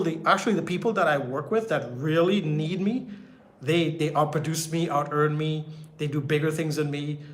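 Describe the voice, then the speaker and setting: A middle-aged man mentoring on business in a motivational talk. His voice sits a little high for a man, and he hammers his points home by repeating them. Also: a bit bright. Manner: emphatic, repeats key phrases for effect.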